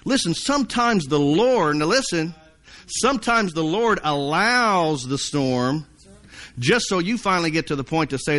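A man's voice: fairly high pitch, expressive, moderate pace, fairly bright tone. A man preaching a sermon, folksy and storytelling, sometimes acting out panicked voices. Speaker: pastor.

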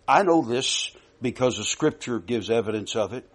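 A man's voice: medium pitch, animated, moderate pace, husky. Emphatic preacher, man. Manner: emphatic, swings from loud to soft with many repeats. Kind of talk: sermon.

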